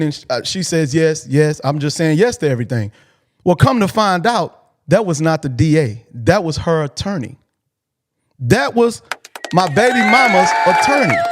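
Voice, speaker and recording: A man with a slightly high voice tells a personal story casually on a call-in show. He talks in an animated way, swears freely, and keeps restarting his sentences as he voices the people in it. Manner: animated, swearing, restarts often, acts out quoted lines. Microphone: call-in video chat.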